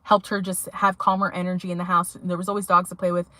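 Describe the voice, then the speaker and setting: A woman's voice: fairly low pitch, flat delivery, fast talker, pushed and bright, no room sound. A young adult woman vlogging to her viewers, telling a rambling story in a chatty way with many fillers. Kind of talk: casual chat to viewers.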